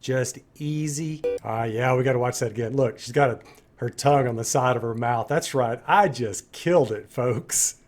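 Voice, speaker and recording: A man's voice: mid-range voice, moderate pace, a little mellow. A man hosting a music reaction video, speaking casually and enthusiastically straight to his viewers and praising the singer.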